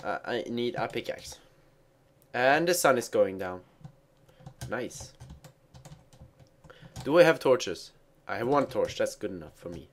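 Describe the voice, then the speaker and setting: Man, gamer, casual let's play commentary, rambling, self-mocking, mid-range voice, soft typing behind. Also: mid-range voice, a little hiss or hum.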